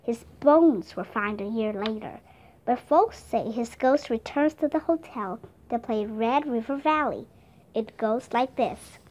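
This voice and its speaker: A woman's voice: on the high side, lively intonation, unhurried, darkish tone. A woman reading a friendly cowboy in a children's storybook with an easygoing, storytelling manner. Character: gruff friendly adult cowboy man.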